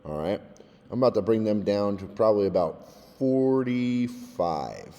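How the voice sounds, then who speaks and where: Man explaining software, mellow, reverberant. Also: lowish voice, big pitch swings, measured pace, dull audio. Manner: casual, explains step by step, often adds "all right?". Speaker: music technology teacher. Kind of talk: screen-recorded software tutorial.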